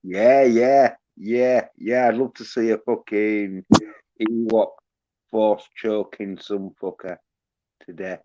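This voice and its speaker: Slow-talking stream host, muffled mic. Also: male voice, on the low side, fairly even intonation, very noisy. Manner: slow, crude, reading chat aloud. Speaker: livestream host. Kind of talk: casual livestream chat reading comments.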